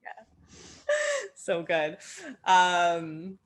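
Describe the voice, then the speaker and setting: Woman co-host, low voice, measured and earnest, casual chat. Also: level tone. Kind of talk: casual conversation.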